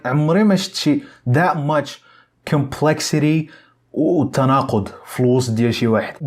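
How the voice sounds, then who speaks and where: Man, casual excitable film reviewer, swears a lot, mixes Arabic and English. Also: medium pitch. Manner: excitable, profane, switching between Arabic and English.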